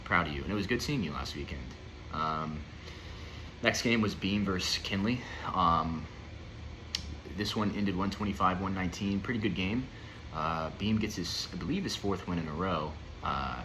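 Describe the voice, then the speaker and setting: Low-voiced, ranting young man. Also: background noise. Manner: ranting, profane, rambling with many fillers. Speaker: fantasy football league member reviewing the week. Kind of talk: casual unscripted commentary.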